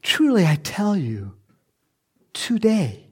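Male pastor, animated sermon delivery, a little high, raspy edge. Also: a little slow. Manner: animated, acts out voices, laughs often.

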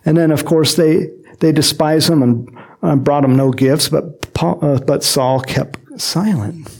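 A man preaching a sermon in a lively, joking manner, acting out quotes and adding chuckling asides as he explains a Bible passage. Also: a little high, unhurried, gravelly, breathy edge. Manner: animated and jokey, acts out quotes, frequent chuckles and asides.

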